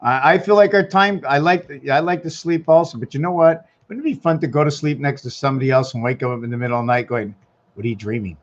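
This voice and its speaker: A man's voice: on the high side, fast talker, hardly any pauses, dull audio. A man rambling in a casual vlog monologue at home, thinking aloud and wandering from topic to topic. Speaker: vlogger.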